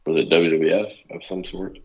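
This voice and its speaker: A man competing in a trivia quiz, hesitantly thinking out loud about answers. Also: low voice, steady tone, normal speed, lo-fi sound. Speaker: quiz contestant. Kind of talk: casual banter.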